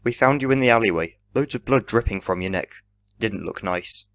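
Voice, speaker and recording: A man's voice: fairly low pitch, brisk, a bit bright. A man voicing a round, bald male android helper in a fan audio drama, speaking plainly and matter-of-factly.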